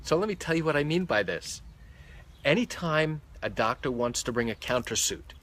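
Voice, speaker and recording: A man's voice: a little high, lively intonation, moderate pace, a bit bright. A man, a malpractice lawyer, explaining a legal point on a live stream, counting off points one by one, into a phone held close. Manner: methodical, counts points off by number.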